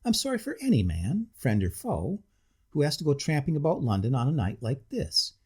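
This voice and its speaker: A man putting on a tipsy, pompous gentleman. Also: medium pitch, sing-song, moderate pace, slightly rough, pitched above the performer's own voice. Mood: ponderous sympathy. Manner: overly civil, ponderous, slightly drunk. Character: tipsy pompous middle-aged gentleman hotel guest.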